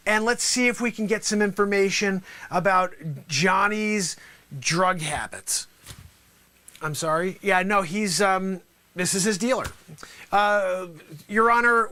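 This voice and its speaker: A man's voice: high voice, bright, forceful tone. A man performing as a trial lawyer in a comedic mock courtroom sketch, theatrical and jokey, sometimes dropping to a whisper.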